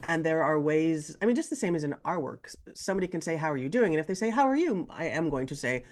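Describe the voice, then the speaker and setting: A woman co-hosting a podcast in casual chat, animated and acting out quoted lines in a higher voice. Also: fast talker. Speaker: co-host.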